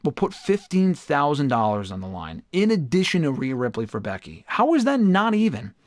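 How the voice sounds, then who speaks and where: Animated, profane gaming streamer. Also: male voice, a little high, moderate pace, no room sound, clean studio sound. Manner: chatty, profane, erupts into loud frustrated outbursts. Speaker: gaming livestream host. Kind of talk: casual livestream commentary while playing.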